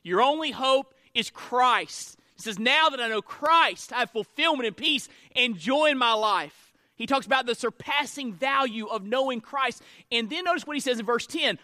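Man, pastor preaching, high voice, dry close sound, animated, questions to listeners. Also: normal speed, few pauses, dry recording. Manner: animated preaching, shifts between loud and soft delivery; asks the congregation questions. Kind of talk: sermon.

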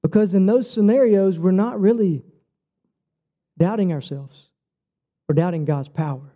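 A man preaching a sermon, telling his own story earnestly and personally. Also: unhurried. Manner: earnest, personal storytelling with lively shifts in pitch.

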